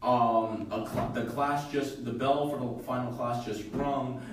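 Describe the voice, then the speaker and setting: A man casually retelling a fan fiction story on a podcast, halting and full of fillers. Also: mid-range voice, fairly even intonation, slight background noise. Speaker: podcast co-host. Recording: echoey room, from far off.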